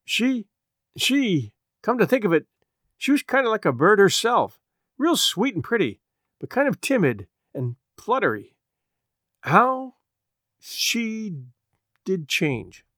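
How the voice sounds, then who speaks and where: A man voicing a timid, soft-spoken sheriff's wife in a story reading, hesitant and gentle. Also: high voice, very animated, takes it slowly, pauses often, dry recording, studio quality, pitched above the performer's own voice, full character voice. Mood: wistful.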